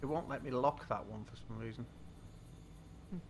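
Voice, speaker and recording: A British man chats loosely and mutters to himself while he plays a game on a live stream. His voice sits at a middling pitch with a gravelly edge, and a steady hiss of background noise runs beneath it. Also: normal speed. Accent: British English. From Britain. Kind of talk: casual live-stream commentary.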